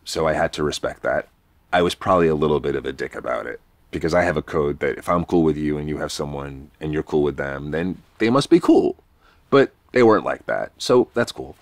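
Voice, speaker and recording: A man's voice: rumbling low, brisk, no echo. A man from New York, a podcast guest, telling a rambling, self-deprecating story in a casual, swearing way.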